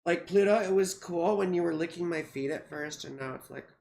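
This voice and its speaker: A woman with a fairly low pitch, vocal fry, and a darkish tone talks a little fast over slight background noise. In her forties and American, she's an astrologer on a livestream doing live chart readings, rambling goofily, chatting casually, and swearing freely. She sounds tired, yawny, and a bit out of it.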